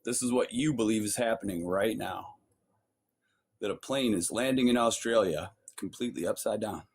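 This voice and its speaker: A man's voice: fairly low pitch, moderate pace, vocal fry, darkish tone, slight background noise. A man calling into an online debate, pushing his point and repeating questions over the host. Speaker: caller. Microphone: phone camera on a video call.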